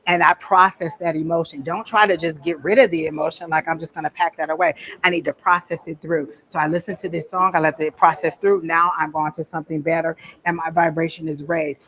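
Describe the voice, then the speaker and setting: A woman's voice: fairly low pitch, fairly bright tone. A woman teaching a workshop at a psychic fair, talking casually and bluntly and acting out the voices she quotes. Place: event room at a psychic fair.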